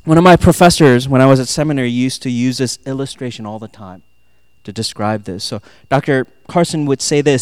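A male pastor preaching a sermon, swinging between loud, emphatic passages and soft, hushed asides, quoting and acting out lines. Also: medium pitch, fairly quick, clear, resonant tone, dry recording, studio quality. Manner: quotes and acts out lines, laughs at himself.

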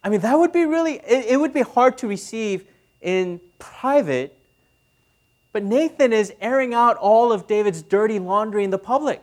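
Male pastor, thirties, sermon, conversational, checks in with the audience, sometimes hushed. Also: sits high, expressive, normal speed. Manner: conversational, asks the audience questions.

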